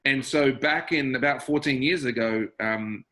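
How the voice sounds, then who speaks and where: A man's voice: medium pitch, measured pace, bright, forceful tone. A man with an Australian accent, a guest musician talking casually and wryly, building his points in lists. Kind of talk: casual conversation.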